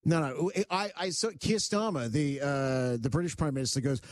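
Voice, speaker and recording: A man's voice: a little high, huge pitch swings, fairly quick, hardly any pauses, no echo. A man hosting a talk show, rambling and opinionated in casual chat, with many fillers. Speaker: host.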